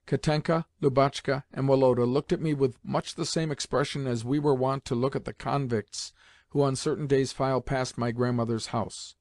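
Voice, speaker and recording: In studio-quality audio with no room sound, an audiobook narrator with a mid-range male voice reads a classic novel from a script. He keeps the storytelling measured and even.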